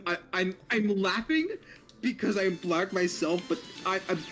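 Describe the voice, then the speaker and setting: A man with a high, unhurried voice joins a game stream as a guest, chatting casually, laughing a lot and repeating himself for emphasis. Faint game music plays in the background.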